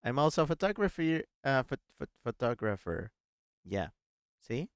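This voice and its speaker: A playful male streamer with a smooth, resonant voice at a middle pitch, reading chat messages and puzzling over clues as he plays. The sound is close and dry, with no room sound. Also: very animated, moderate pace, dry recording. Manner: chatty, playful, thinks out loud. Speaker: gaming streamer, host. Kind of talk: casual let's-play commentary, reading chat aloud.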